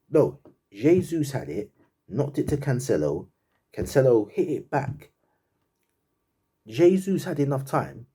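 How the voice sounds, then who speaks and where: A man with a warm, breathy, medium-pitched voice gives an animated fan reaction to a football match. Speaking as a fan commentator, he laughs in disbelief and repeats himself in slangy chat.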